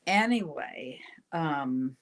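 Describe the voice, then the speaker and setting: An older woman hosts a casual tarot reading in an unhurried, drawn-out way. Her voice sits a little low, and she chats, rambles and breaks off her own sentences. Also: lively intonation. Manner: chatty, rambling, self-interrupting. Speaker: tarot reader, show host.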